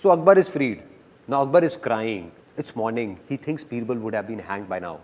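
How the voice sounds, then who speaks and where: A man giving a motivational talk to a live audience, animated and playful, repeating his key lines. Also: mid-range voice, fast talker. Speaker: motivational speaker.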